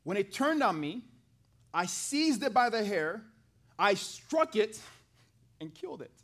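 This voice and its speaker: Guy preaching to his church, high voice, acts out the bible bits, talks right to the crowd. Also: measured pace. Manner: animated, acts out the scripture dialogue and talks to the congregation. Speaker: pastor. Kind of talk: sermon. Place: church hall with a live congregation.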